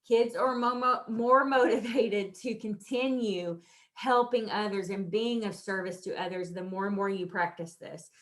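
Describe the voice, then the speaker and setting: A woman in her thirties leading a training lesson for teachers, upbeat and animated, acting out praise to children in a bright, lilting voice. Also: medium pitch, measured pace. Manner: laughs often while explaining.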